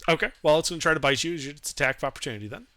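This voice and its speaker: A man's voice: fairly high pitch, expressive, racing, pushed and bright, dry recording. A man acting as dungeon master, calling out rolls and damage on a live stream. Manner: calls out rolls and damage, laughs easily. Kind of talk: running a tabletop game on a live stream.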